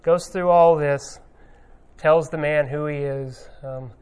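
A man preaches in a loose, conversational way, his voice sitting a little high. He fills his pauses with ums and uhs as he walks through the story. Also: steady tone, a little mellow, smooth. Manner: conversational, many ums and uhs, retells scenes with quoted lines. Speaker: pastor. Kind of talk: informal sermon.

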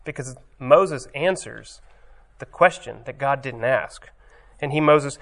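A male preacher reads a scripture passage in a firm, emphatic voice. He then moves into relaxed, searching commentary full of small hesitations. His pitch sits in an ordinary middle range. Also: normal speed. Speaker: pastor.

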